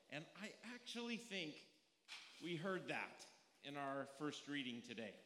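In a church sanctuary, a male pastor with a fairly high, bright, forceful voice preaches conversationally, telling stories and asking his listeners questions along the way. The echoey hall gives the recording a long reverb.

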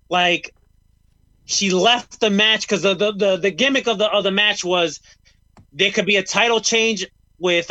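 A man's voice: high voice, bright, forceful tone, dry recording, poor audio. A man co-hosting a casual talk show, ranting bluntly and swearing freely. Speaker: podcast co-host. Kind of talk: casual chat.

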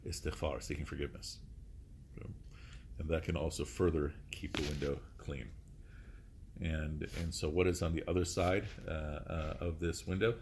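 A man's voice: deep voice, darkish tone, a little hiss or hum. A male teacher giving a classroom lecture, explaining step by step, often saying "okay" and quizzing his students with questions.

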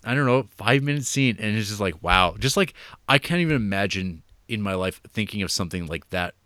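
A man's voice: lowish voice, animated, a little fast, pushed and bright, no echo. A young man co-hosting a podcast, chatting casually about a comedy film in a rambling way, full of "like" and swearing. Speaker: podcast co-host.

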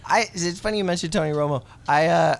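A man's voice: fairly high pitch, fast, vocal fry. A man hosting a podcast, chatting casually and animatedly, swearing a lot and laughing often. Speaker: podcast host. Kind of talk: casual chat.

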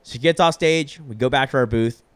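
A man's voice: mid-range voice, normal speed, clean tone, no room sound. A young man telling a long story in casual chat, rambling with lots of filler words and swearing freely. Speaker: podcast storyteller.

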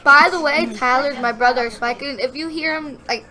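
A woman's voice: high-pitched, brisk, crowd noise. A woman chatting on a casual podcast with friends, giggly and playful. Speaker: podcast guest. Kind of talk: casual chat among friends.

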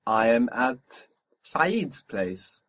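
A man's voice: medium pitch, very animated, extremely slow, fairly bright tone. A man teaching a spoken language lesson, patiently asking for phrases, repeating each answer back and explaining pronunciation.

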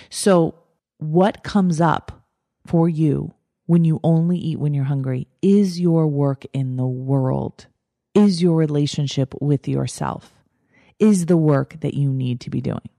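A woman's voice: low voice, gravelly, dark tone, no echo, studio quality. A woman hosting a life coaching podcast, talking directly and emphatically and repeating her key steps. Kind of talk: motivational podcast talk.

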